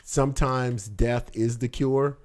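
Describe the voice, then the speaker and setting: A father hosting a relaxed conversation with his daughter, answering in a gentle, reflective way. His voice has an ordinary middle pitch with nothing unusual in it. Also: slow. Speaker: father and channel host. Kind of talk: casual family conversation.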